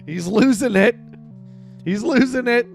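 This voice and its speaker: Man, livestream gameplay commentary, unhurried delivery, faint game music behind. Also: very high-pitched, creaky. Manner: excitable, yells and groans at the game.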